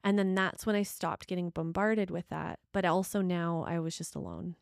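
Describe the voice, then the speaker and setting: A middle-aged woman co-hosting a casual relationship talk, speaking in an animated, emphatic way and laughing often. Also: lowish voice, moderate pace, vocal fry, smooth, no echo, studio quality. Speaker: podcast co-host.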